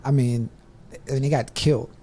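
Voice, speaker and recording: A man in his thirties hosting an interview, relaxed and chatty, laughing easily. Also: mid-range voice, moderate pace, a little hiss or hum. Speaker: interview host. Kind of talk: casual interview talk.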